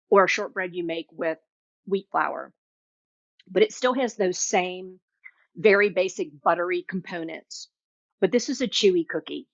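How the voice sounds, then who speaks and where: A woman's voice: on the low side, dry recording, dull audio. Chatty woman hosting a cooking stream. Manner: chatty and enthusiastic, tastes while talking. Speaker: cooking show host. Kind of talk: casual live cooking demo.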